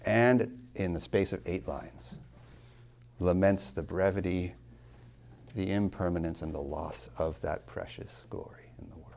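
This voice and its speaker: Deep, gravelly man lecturing on poetry. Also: a little mellow, slight background noise. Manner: emphatic, with rhetorical questions; slows down to stress key words. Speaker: college tutor lecturing.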